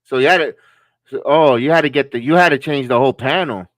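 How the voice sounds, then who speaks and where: A man co-hosts a live watch-along stream, chatting casually and cracking jokes as he reacts to the matches, laughing along. His voice is medium-pitched and a bit bright, his pace quick, with no echo.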